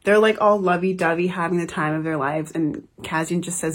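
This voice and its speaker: Emotional young woman with a husky voice. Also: on the low side, expressive, a little fast, hardly any pauses. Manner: gushing, emotional, swears freely. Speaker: book reviewer. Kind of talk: casual book review chat.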